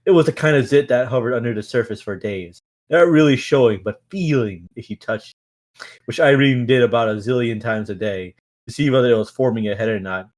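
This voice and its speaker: A man with a mid-range voice reads a book aloud for a stream. His reading is casual and halting, full of restarts, slips and stifled laughter as he pushes on through the text. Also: medium pitch, a little mellow.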